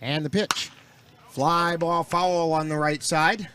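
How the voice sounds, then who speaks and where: A man calling baseball play-by-play for a local webcast, with relaxed, folksy asides between pitches. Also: slow pace, noisy background. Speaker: play-by-play announcer.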